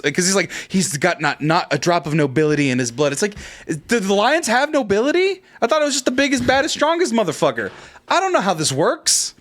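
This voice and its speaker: Guy cohosting a podcast, high voice, all over the place, laughs a lot and cusses. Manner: loud, laughing, swearing. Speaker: podcast co-host. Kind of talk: casual chat.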